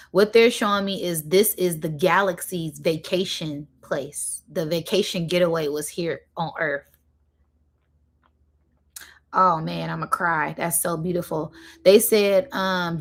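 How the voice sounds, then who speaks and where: Casual woman host, somewhat low, channeling spirit messages live, rambling and drawn out. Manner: rambling, full of fillers, slowing down to stress points; addresses viewers directly and casually.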